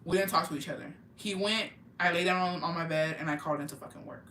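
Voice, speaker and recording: A young adult tells animated stories in casual podcast chat, swearing freely and mixing in slang and Spanish words. The voice is bright and sharp. It sounds roomy and set back from the mic, with faint ambience behind. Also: mid-range voice, quick pace, far from the mic, a little hiss or hum. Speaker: podcast co-host.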